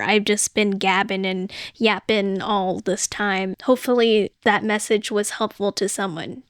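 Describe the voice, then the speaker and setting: A woman's voice: medium pitch, smooth, dry recording, clean studio sound. A young woman hosting her own podcast, talking earnestly and rambling through a personal catch-up. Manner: earnest, rambling, often says "oh my gosh". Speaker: podcast host. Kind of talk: solo casual chat.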